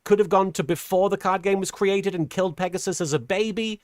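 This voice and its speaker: A middle-aged woman streamer chatting casually while reading super chats, earnest and halting, with a softened feminine voice. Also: mid-range voice, no room sound, clean studio sound. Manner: earnest, halting with many restarts; voice softened toward a feminine sound. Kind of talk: casual livestream chat.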